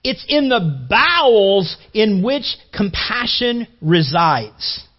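A middle-aged man preaching a sermon in a conversational way, often repeating and restarting words and moving between hushed and raised passages. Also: high-pitched, sing-song, takes it slowly, dull audio. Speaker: pastor.

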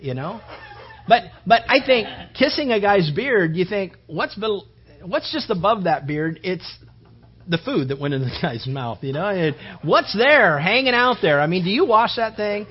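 A man's voice: high voice, expressive, a little slow. A man preaching a conversational sermon, rambling casually and peppering his talk with "you know" and "man". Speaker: pastor. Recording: dull lo-fi recording.

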